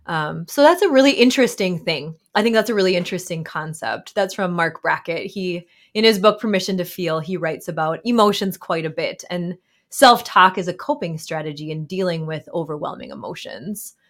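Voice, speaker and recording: Brief: woman in her 30s, therapist guest, lowish voice, thoughtful and unhurried, lots of "um"s. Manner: warm, reflective, with frequent fillers and soft laughs. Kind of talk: casual interview conversation.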